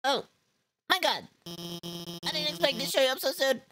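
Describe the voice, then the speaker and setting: A woman's voice: high-pitched, sing-song, unhurried, background noise. A woman voicing a flustered, nervous female lizard scientist who stammers and hesitates. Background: loud game music.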